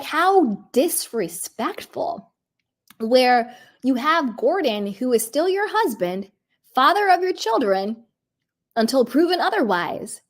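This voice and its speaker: A woman giving casual, emphatic commentary on a reality show, full of "like" and "you know". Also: on the high side.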